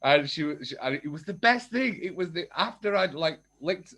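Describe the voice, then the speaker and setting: Appearing as a guest on a podcast, a man chats casually and candidly about his story, animatedly acting out remembered conversations in different voices. His husky, slightly high voice runs at normal speed with hardly any pauses.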